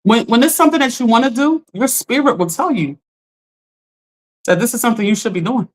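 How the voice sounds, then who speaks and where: A woman's voice: on the high side, brisk. Chatty woman hosting a coaching livestream. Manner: chatty, direct, talks to viewers as y'all. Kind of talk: casual livestream talk to viewers.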